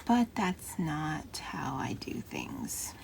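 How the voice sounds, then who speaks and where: A middle-aged woman chatting softly and often half-whispering as she decorates her planner, with a Valley Girl lilt. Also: low voice, wildly swooping pitch, extremely slow, creaky. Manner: soft, often half-whispered, self-deprecating. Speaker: planner vlogger. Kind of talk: casual crafting chat.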